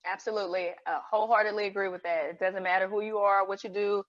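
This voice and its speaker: A woman's voice: mid-range voice, little pitch movement, quick pace, no room sound. A woman in her forties, a vegan cook and guest on a live podcast, speaking with enthusiastic agreement. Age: 40s. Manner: enthusiastic, affirming. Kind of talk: live video podcast chat. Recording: dry, dull-sounding audio.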